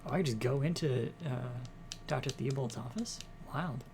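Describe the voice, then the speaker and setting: A man hosting a game playthrough, muttering quiet, offhand asides over game music. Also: medium pitch, normal speed, vocal fry, background noise. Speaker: gameplay host. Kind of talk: let's-play commentary.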